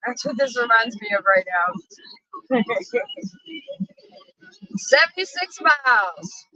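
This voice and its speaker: Woman, road-trip vlog, blunt, profane, bright tense tone, dry close sound. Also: a little high, very animated, slow pace, dry recording, lo-fi sound. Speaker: vlogger. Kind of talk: casual chat while driving. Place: inside a small RV on the road.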